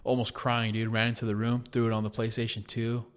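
A man's voice: medium pitch, monotone, a little fast, clear, resonant tone. A young man, co-hosting a podcast in casual chat and telling stories in a laid-back, profane way. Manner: laid-back, profane storytelling, says "dude" a lot. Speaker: podcast co-host.

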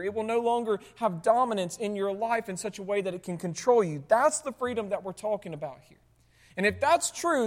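A pastor preaching in a church with a long, ringing echo, the voice sitting in a middle pitch. The sermon leans on rhetorical questions to the congregation and dry, sarcastic asides. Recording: long hall reverb.

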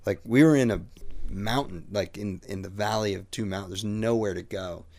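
A young man hosting a podcast, casual chat, telling animated stories and swearing freely. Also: lowish voice, moderate pace, no echo. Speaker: podcast host.

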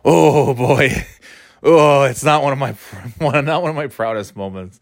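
A middle-aged man hosting a podcast and telling stories casually, rambling and swearing, and jumping into a high shout when he acts out his own outbursts. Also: measured pace, gravelly, dry recording, studio quality. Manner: rambling and profane, with frequent fillers. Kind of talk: casual comedic storytelling.

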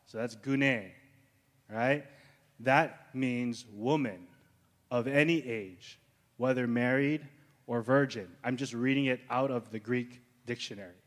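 A man's voice: medium pitch, slow, in a large hall. A male pastor teaching a sermon in a conversational way, often checking in with the congregation.

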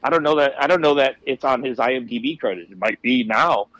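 Casual, profane, and candid, this animated storyteller is a wrestler guesting on a podcast. His mid-range voice moves fast, and the recording is rough.

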